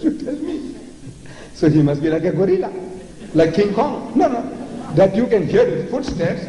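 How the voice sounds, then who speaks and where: An older South African man with a slightly high, dark voice delivers a theatrical, mocking public lecture on religion, repeating words for effect. He's in a large lecture hall, and the recording is echoey with long reverb and faint noise.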